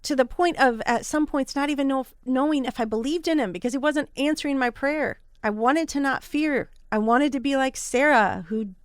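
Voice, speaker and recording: A woman in her thirties hosting a podcast, telling a personal story in a candid, earnest and animated way. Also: sits high, moderate pace, hardly any pauses, no room sound, clean studio sound. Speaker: podcast host.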